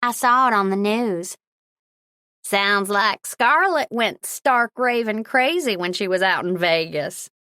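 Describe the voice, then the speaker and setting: A woman's voice: mid-range voice, lively intonation, slow, bright, forceful tone, dry recording, studio quality. A woman voicing a gossipy, chain-smoking small-town beautician with a catty, nosy manner.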